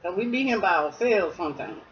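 A woman's voice: lowish voice, lively intonation, fairly quick. A woman chatting through a casual craft tutorial at home, talking straight to her viewers. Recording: slightly dull lo-fi sound.

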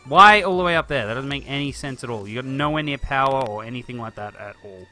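A man's voice: medium pitch, expressive, fast talker, pushed and bright, faint music behind. A man chatting casually through a live stream of a city-building game, thinking aloud and answering viewers. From Australia. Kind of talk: live-stream gameplay commentary.

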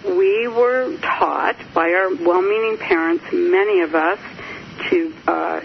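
Gravelly older woman, hesitant guest. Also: fairly low pitch, takes it slowly, highs cut off, a little hiss or hum. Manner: reflective, hesitant, with fillers. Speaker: guest author. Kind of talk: radio interview.

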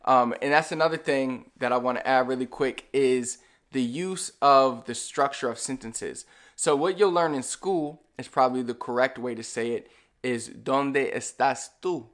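A man's voice: mid-range voice, moderate pace. Young male language teacher, easygoing and chatty, casual video-lesson delivery. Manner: relaxed and chatty, with frequent fillers and "all right"; speaks to the viewer directly, explaining step by step.

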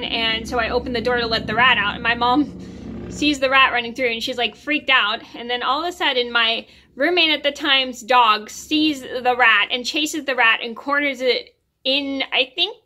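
A woman's voice: fairly high pitch, moderate pace, pushed and bright. A young woman vlogger telling a story to camera in a chatty, rambling way, full of ums and restarts.

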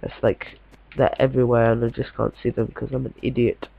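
A man's voice: mid-range voice, little pitch movement, a little fast, gravelly, husky, narrow, tinny audio. A man giving casual, chatty gameplay commentary, muttering to himself and swearing mildly as he plays.

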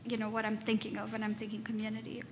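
Female audience member, flat and halting, asking a question in an echoing hall. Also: fairly high pitch, a little hiss or hum. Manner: hesitant, many fillers. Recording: reverberant hall with faint ambience.

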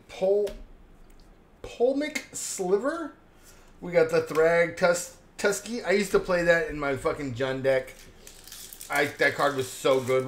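Man, hyped card-pack opener, counts aloud, slow unhurried delivery, animated pitch, roomy echo. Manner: hyped, counts cards aloud, names each pull. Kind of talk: casual card-opening commentary. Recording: roomy echo, faint background hum.

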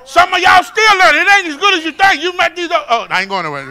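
High, gravelly preacher man in his fifties. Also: very animated, fast talker, a faint crowd. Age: 50s. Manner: preaching with shouts and call-and-response, swings loud to quiet. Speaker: pastor. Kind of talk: sermon. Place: church sanctuary with congregation.

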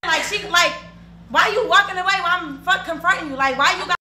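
A woman with a high, bright voice rattles off a profane, half-laughing confrontation at a quick clip. Her voice rings in an echoey room, as if from a reality TV show. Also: a little hiss or hum. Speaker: reality show cast member. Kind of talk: heated confrontation.

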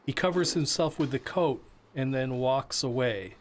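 Man voicing interview answers with halting restarts. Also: mid-range voice. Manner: halting, frequent restarts and repeated words.

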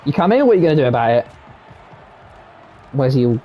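A young man giving live gameplay commentary, trash-talking and swearing at opponents with sudden excited yelps. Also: medium pitch, quick pace, very noisy. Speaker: gaming streamer. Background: gunfire from the game.

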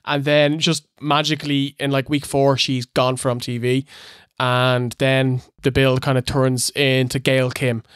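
A man's voice: medium pitch, little pitch movement, measured pace, a bit bright, clean tone, no room sound. Blunt, sweary male co-host, casual, dry recording. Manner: blunt, swears freely, laughs often. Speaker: podcast co-host. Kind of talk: casual wrestling review chat.

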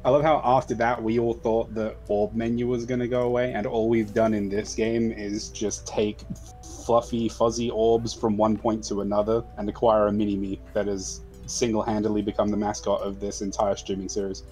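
A young man chatting casually on a game stream, relaxed and teasing, with some swearing. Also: on the low side, normal speed, faint music behind. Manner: laid-back, teasing, swears. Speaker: co-host friend. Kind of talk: casual chat.

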